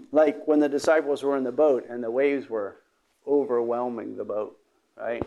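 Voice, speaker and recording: Halting, gravelly-voiced male preacher. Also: mid-range voice, warm tone, slight background noise. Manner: halting, with many fillers and restarts, clears his throat often. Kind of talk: sermon.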